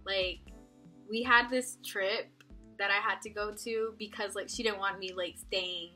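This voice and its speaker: A woman's voice: mid-range voice, steady tone, measured pace, sharp tone, soft background music. A young woman from Texas telling a story to camera in her dorm room, rambling and profane, with a constant "like" and frequent giggles. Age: young adult. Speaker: vlogger.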